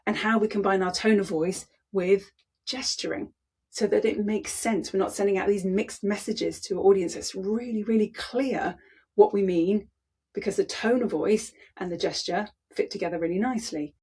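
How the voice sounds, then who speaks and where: Woman giving a speaking training, a bit husky, punchy and repeats stuff for emphasis. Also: mid-range voice, moderate pace, darkish tone. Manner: demonstrative, emphatic, repeats words for effect. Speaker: speaking coach. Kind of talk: presenting a training talk.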